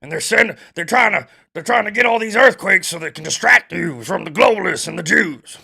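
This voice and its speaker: A man doing an impression of a ranting middle-aged male conspiracy broadcaster, loud and high. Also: animated, a little fast, creaky, husky, heavily acted. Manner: shouting, high-pitched rant.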